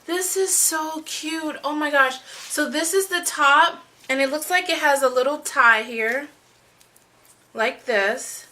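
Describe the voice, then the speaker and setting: A young woman with a high, bright voice chats eagerly to her viewers while unboxing. She gushes and fills her talk with "like" and "you guys". There is a faint hiss of room noise behind her. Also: slow. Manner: gushing, chatty, lots of "you guys" and "like". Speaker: vlogger. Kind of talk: unboxing vlog chat.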